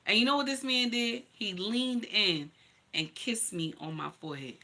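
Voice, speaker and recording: A woman hosting a livestream talks straight to her viewers about her own life. Her voice is sharp and very bright, at a middle pitch for a woman. She tells it bluntly and with emphasis, with plenty of swearing and a steady "honey" for the listener. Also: normal speed. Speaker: livestream host. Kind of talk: personal storytelling to viewers.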